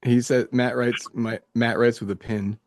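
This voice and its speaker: A man's voice: mid-range voice, little pitch movement, moderate pace, dry recording. A man from upstate New York co-hosting a casual podcast, making dry jokes and teasing his guests. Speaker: podcast co-host.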